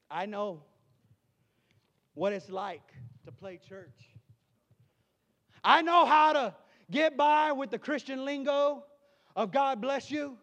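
High-voiced preacher man in a reverberant hall. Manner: emphatic, shouting peaks, storytelling asides. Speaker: traveling preacher. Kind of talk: sermon. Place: church sanctuary.

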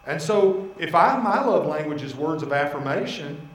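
Animated preacher man in an echoey church. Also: a little high, moderate pace. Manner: animated storytelling, voicing God and his wife in asides. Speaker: pastor. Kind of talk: sermon.

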